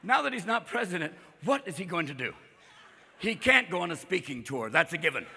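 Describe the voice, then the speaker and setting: Manic, high, gravelly male stand-up comic. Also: very animated, sharp tone, in a large hall. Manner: rapid-fire, manic, profane, constant character voices. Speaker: stand-up comedian. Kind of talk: stand-up comedy set. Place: live comedy venue with audience. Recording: live show, faint crowd and ambience.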